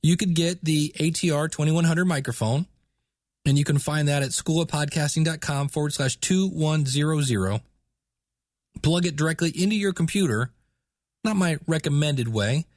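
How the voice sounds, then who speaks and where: A man's voice: on the high side, normal speed, a little mellow, dry recording. A man hosting a podcast, explaining setup tips in a chatty, casual way. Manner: chatty, explanatory, with filler words. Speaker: podcast host.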